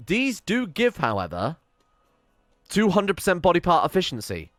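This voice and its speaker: A young man casually commentating his own strategy game, thinking aloud, animated and swearing when frustrated. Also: fairly high pitch, dry recording, studio quality. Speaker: gaming video host. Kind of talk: casual let's play commentary.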